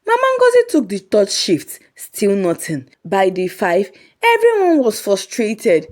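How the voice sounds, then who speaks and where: Lively woman telling a comic story. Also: medium pitch, unhurried. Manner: lively, humorous.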